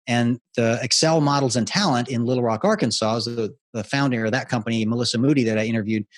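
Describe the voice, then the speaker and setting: A middle-aged man speaking as a guest on an interview show, explaining sales storytelling in a lively way and acting out the voices of the people in his stories. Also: medium pitch, quick pace. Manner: animated storyteller who acts out quoted voices. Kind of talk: conversational interview.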